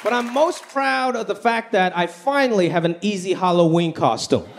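Here a man's voice sits high and sounds animated, moving at a normal speed through a stand-up set in a big theater. He talks conversationally, landing punchy lines and exaggerated impressions, while the very noisy live recording carries a loud crowd's laughter and applause.

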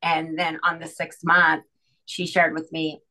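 A middle-aged woman guest recounts a deeply personal story in a somewhat low voice. She speaks earnestly and haltingly, leaning on "you know" and restarting her sentences. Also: monotone, pushed and bright, rough recording.

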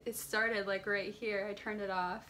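A woman's voice: mid-range voice, little pitch movement, normal speed, bright, forceful tone, a little hiss or hum. A chatty young woman vlogging a hair tutorial, rambling with lots of filler words, recorded on her phone at home. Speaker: beauty vlogger. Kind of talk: casual hair tutorial chat. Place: warm room at home. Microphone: phone camera.

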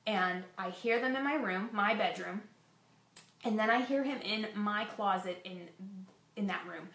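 A woman tells her own story straight to camera, frank and self-deprecating. Her voice sits at an ordinary middle pitch. The room around her rings with noticeable echo. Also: measured pace, fairly bright tone. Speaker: fitness vlogger sharing a personal story. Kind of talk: candid personal storytelling.

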